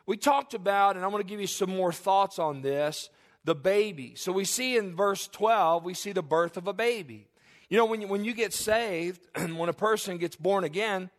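A middle-aged man preaching to his congregation in a notably high voice. He talks earnestly, circling back and restarting phrases, and drops folksy, joking asides between points. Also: a bit bright. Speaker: pastor. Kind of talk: sermon.

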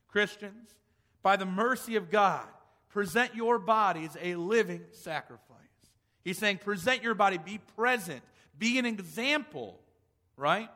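Emphatic high-voiced male preacher in a reverberant hall. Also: unhurried, sharp tone. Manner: emphatic preaching with rhetorical questions and many restarts. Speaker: pastor. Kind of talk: sermon.

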